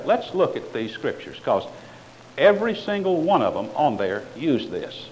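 Fervent preacher man, wide-swinging pitch. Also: very animated, measured pace, a little hiss or hum, poor audio. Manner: fervent, swings between loud declarations and quiet asides; sarcastic toward other preachers. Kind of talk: sermon.

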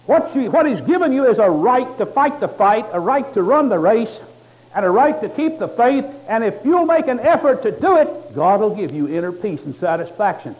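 A man's voice: high voice, big pitch swings, moderate pace. Folksy preacher man, muffled recording. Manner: folksy, conversational preaching with humor. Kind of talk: sermon.

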